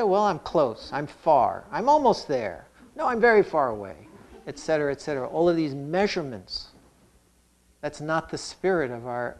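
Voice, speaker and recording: A man who teaches Zen, giving a calm, reflective dharma talk with touches of humor. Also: fairly high pitch.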